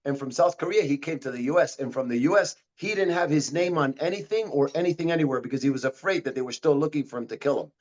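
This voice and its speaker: A man who teaches martial arts, telling a story as an interview guest in an animated way, repeating and restarting his phrases. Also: on the high side, quick pace, few pauses, muffled recording.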